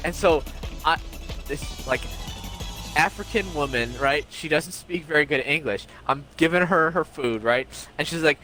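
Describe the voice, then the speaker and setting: A young man co-hosting a podcast, telling stories in a casual, animated way and acting out what people said. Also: fairly high pitch, moderate pace, faint music behind. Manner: animated storytelling, acts out quotes. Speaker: podcast co-host. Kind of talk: casual chat.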